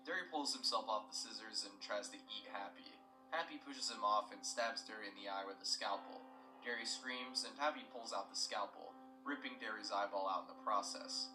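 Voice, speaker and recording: A man's voice: lowish voice, moderate pace, echoey room, far from the mic, over music, rough recording. A young man retelling a story in scripted narration, plain and matter-of-fact with asides.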